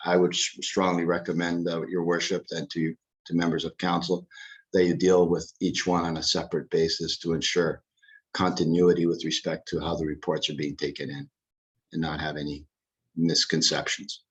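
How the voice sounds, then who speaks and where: A man addressing a town council as a lawyer, his voice very deep and flat in tone. He speaks in measured, formal sentences and restarts now and then. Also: rough recording.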